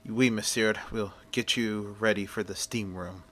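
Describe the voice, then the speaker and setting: A man's voice: lowish voice, fairly even intonation, measured pace, fairly bright tone, a little hiss or hum. A man voicing a polite, attentive bathhouse manager. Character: courteous male bathhouse manager.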